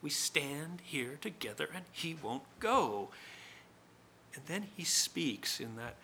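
A man's voice: fairly high pitch, very animated, slow, sharp tone, a little hiss or hum, exaggerated voice. A man performing a dramatic first-person monologue as a proud, bitter male spirit of accusation, scornful and declamatory.

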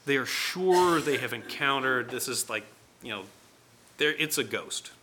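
Slow, bright-voiced male preacher. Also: mid-range voice, lively intonation, slight background noise. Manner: conversational, acts out quoted voices. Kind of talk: sermon.

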